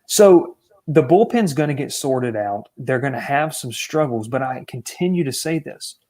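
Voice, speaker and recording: A man co-hosting a casual sports talk show, ranting with animated exasperation. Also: medium pitch, moderate pace. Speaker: co-host.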